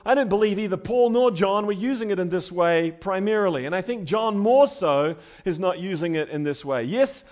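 Higher-voiced male pastor preaching conversationally. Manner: conversational, rising emphatic then dropping quiet. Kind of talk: sermon.

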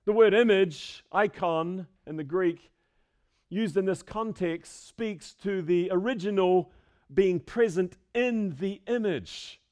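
In a church sanctuary with a screen, a pastor delivers an expository sermon in a slow, fairly high, slightly mellow voice. He stresses key phrases and repeats them for emphasis.

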